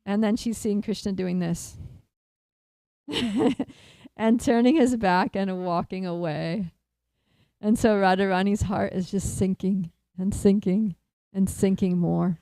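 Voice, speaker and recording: A woman telling a devotional story in an animated way, laughing often and using many fillers. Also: medium pitch, takes it slowly, no echo, poor audio. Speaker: storyteller at a temple.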